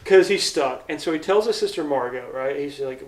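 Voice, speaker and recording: A man's voice: on the high side, brisk, distant mic, a little hiss or hum. Young man, podcast co-host, casual movie chat, rambling, echoey room. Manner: rambling, animated retelling with put-on quotes and laughs. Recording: echoey room, speaking away from the mic.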